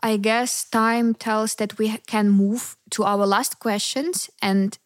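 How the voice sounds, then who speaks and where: A woman's voice: mid-range voice, fairly even intonation, dry recording, studio quality. Ukrainian-born woman hosting a podcast. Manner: frequent "mm-hmm" backchannels, measured questions. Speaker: podcast host, interviewer. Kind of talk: interview questions and outro.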